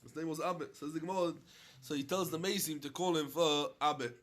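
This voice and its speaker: A man's voice: fairly high pitch, fairly even intonation, fast, a bit bright. A man teaching a Talmud class, reading short Aramaic phrases and explaining each one in plain English. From London. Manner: reads Aramaic phrases then explains in English, with many fillers.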